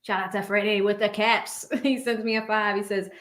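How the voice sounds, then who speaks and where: A woman's voice: medium pitch, level tone, normal speed, a bit bright. A woman hosting a casual livestream from a home studio, chatting, laughing often and thanking viewers by name as she reads their messages. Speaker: livestream host reading superchats. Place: home studio with blue backlight.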